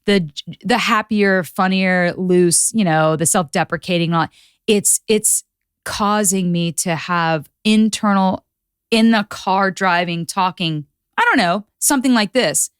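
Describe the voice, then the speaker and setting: A woman guest on a podcast, chatting casually and acting out quotes with lively voices. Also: mid-range voice, a little slow, clear, resonant tone, no echo, studio quality. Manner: animated storyteller acting out quotes. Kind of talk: casual chat.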